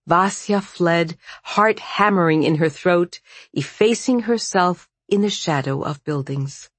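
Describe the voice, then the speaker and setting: An audiobook narrator with a slightly husky, breathy voice reads a dark fantasy story at an unhurried pace. The delivery stays measured and even. The recording is close and completely dry. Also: medium pitch, no room sound. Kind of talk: scripted narration.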